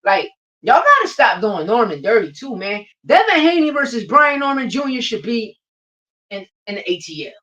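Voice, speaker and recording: A man's voice: very high-pitched, very animated, normal speed, sharp tone. A man hosting a boxing podcast, ranting casually with brash, profane trash talk and repeating lines for emphasis. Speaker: podcast host. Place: livestreamed podcast. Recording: distant, dull lo-fi mic.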